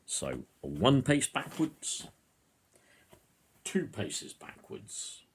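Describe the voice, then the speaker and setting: A man's voice: fairly low pitch, sing-song, very slow, a little hiss or hum. A man vlogging to camera from home, talking in a rambling way with hesitant fillers. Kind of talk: monologue to camera. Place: indoors at home. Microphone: camera in front of him.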